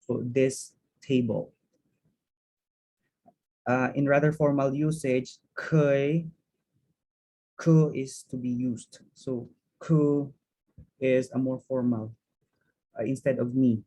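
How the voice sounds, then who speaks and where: A man's voice: mid-range voice, fairly even intonation, slow pace, pauses often, warm tone, low-quality recording. A man teaching a language lesson, explaining grammar step by step in a methodical way and repeating words as he thinks.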